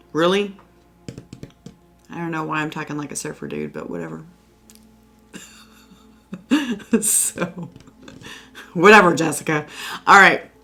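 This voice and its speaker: A woman's voice: on the low side, fairly bright tone. A woman giving a casual tarot reading at home, chatty and reassuring, with lots of fillers. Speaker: tarot reader. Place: indoors at home by a window.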